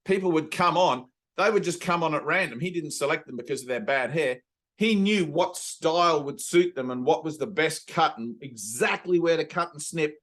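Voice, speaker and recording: An Australian man leading a spiritual satsang over a video call, talking earnestly and intimately and slowing right down to stress a point. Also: fairly high pitch, fairly bright tone. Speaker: spiritual teacher. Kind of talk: satsang teaching talk.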